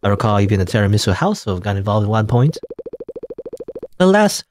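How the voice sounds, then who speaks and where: A man's voice: fairly low pitch, sing-song, fairly quick, a little mellow, a little hiss or hum. A man voicing a worried, kindly middle-aged mother who speaks in an anxious, earnest way.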